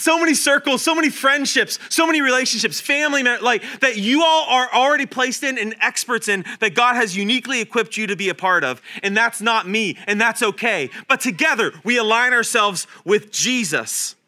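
A man in his thirties preaching a sermon in a church, animated and self-deprecating, showing points with his hands. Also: very high-pitched, normal speed. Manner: animated, self-deprecating, talks with hand demonstrations. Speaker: guest preacher. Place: church sanctuary.

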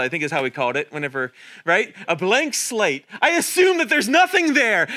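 A man in his thirties preaching a sermon in a church, animated and self-deprecating, showing points with his hands. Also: very high voice. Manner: animated, self-deprecating, talks with hand demonstrations. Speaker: guest preacher. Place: church sanctuary.

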